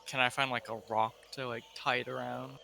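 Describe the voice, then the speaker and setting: A man's voice: mid-range voice, little pitch movement, brisk, creaky, sharp tone, a little hiss or hum. A man playing a tabletop game, asking questions and laughing often in casual chat. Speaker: player.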